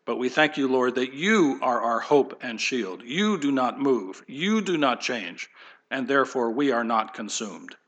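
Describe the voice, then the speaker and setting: A pastor leading a closing prayer in a quiet, hushed voice. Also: male voice, medium pitch, animated, unhurried, highs cut off.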